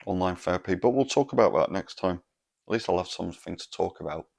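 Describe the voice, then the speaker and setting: Host, man, low gravelly voice, exasperated, swears constantly. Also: lively intonation, fast, darkish tone. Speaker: podcast host. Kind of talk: solo comedic podcast rant.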